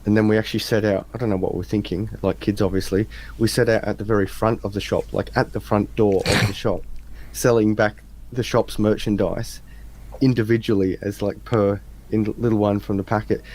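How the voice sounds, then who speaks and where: An Australian man, probably in his thirties, casually telling a story on a livestream and acting out the quotes. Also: fairly quick. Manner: animated storyteller, acts out quotes in a higher voice.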